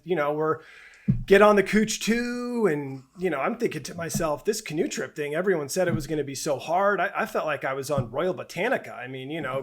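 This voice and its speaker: A middle-aged man with a high voice, a camp director, is the guest in a podcast interview. He shares a personal story in a halting, heartfelt way, often restarting and repeating words.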